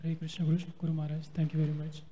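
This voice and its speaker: A high-pitched, mellow-toned man hesitantly asks a respectful question from the audience. He sounds distant, and his voice echoes through a reverberant hall over faint noise. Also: completely flat delivery, rapid-fire. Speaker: audience member asking a question.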